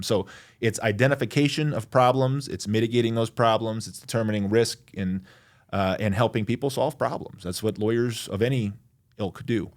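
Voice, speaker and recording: A man's voice: on the low side, moderate pace. A man in his forties from Michigan, a lawyer chatting as an interview guest in a loose, self-deprecating way with plenty of fillers. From Michigan, USA. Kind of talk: casual interview chat.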